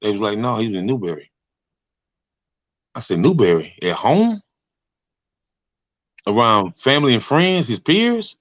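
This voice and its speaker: A man's voice: mid-range voice, big pitch swings, a little slow, pauses often, fairly bright tone, no room sound, highs cut off. A man hosting a talk show, speaking casually and hesitantly, often retelling what people said. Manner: hesitant, retells with "they was like". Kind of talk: casual conversation.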